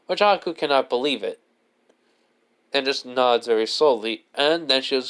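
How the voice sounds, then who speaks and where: A man narrates an improvised fan-fiction tale in a smooth, clear voice of average pitch. He rambles, constantly restarting and padding his lines with filler words. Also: measured pace, a bit bright. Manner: rambling, leans heavily on "basically" and restarts. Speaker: storyteller.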